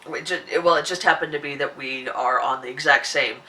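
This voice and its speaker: A woman hosting a podcast in casual chat, her voice husky and hoarse from a sore throat, rambling with many restarts. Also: brisk, sharp tone, distant mic. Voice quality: husky, deeper than usual. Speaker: podcast host.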